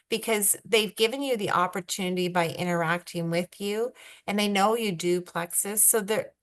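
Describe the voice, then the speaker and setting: A woman's voice: medium pitch, fairly even intonation, normal speed. A Canadian woman chatting casually on a team video call, rambling with lots of fillers. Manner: rambling, filler-heavy, self-described introverted. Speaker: guest brand ambassador.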